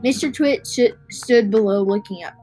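A young narrator reading a storybook aloud, halting with restarts and little asides, and hosting a podcast. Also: mid-range voice, a little mellow, faint music behind, low-quality recording.

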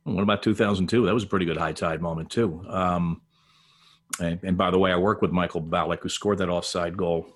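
Deep-voiced older man telling stories. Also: steady tone, brisk. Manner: digressive storyteller with frequent restarts and laughs. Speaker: guest, veteran sports broadcaster. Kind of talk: casual podcast conversation, storytelling.

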